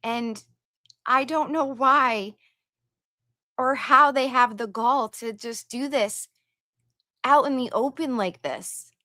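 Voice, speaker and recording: A woman's voice: high-pitched, slow, pauses often, bright, forceful tone, no echo, studio quality. A woman hosting a livestream, chatting casually and reading viewer donations and messages aloud with her own asides.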